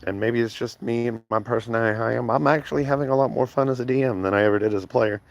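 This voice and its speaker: A man's voice: mid-range voice, very fast, creaky, lo-fi sound, a little hiss or hum. A man chatting casually on a stream as game master, rambling with plenty of fillers.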